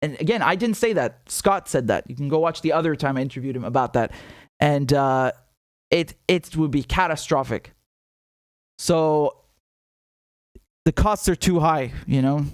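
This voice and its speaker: This male political commentator hosts a live stream, reading chat and offering casual commentary in a blunt, profane, animated style full of repeated words. His voice is a little high, at a moderate pace with frequent pauses, captured at studio quality with no room sound. He has a headache.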